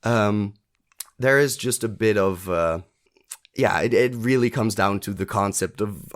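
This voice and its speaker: A man's voice: lowish voice, a little slow. A man co-hosting a podcast in casual chat, thinking aloud with frequent restarts and fillers. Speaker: podcast co-host. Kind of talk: casual chat reviewing a TV episode.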